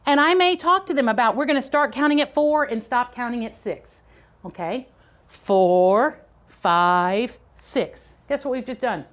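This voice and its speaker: Bright, high-sitting and brisk, with lively intonation, a middle-aged woman's voice carries a preschool teacher training lecture. Her style is conversational, and she frequently checks on her listeners with "okay?" and "right?"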